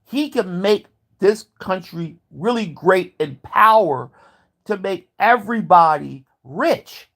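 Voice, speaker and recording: A man's voice: sits high, lively intonation, slow, a bit bright. Heated, profane man ranting to camera. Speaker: vlogger. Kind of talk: ranting commentary.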